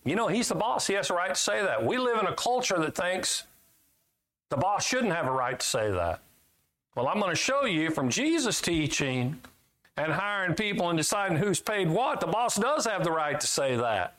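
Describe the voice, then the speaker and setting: A middle-aged man preaching a sermon in a folksy, emphatic way, jumping from loud high points to low asides. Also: big pitch swings, normal speed.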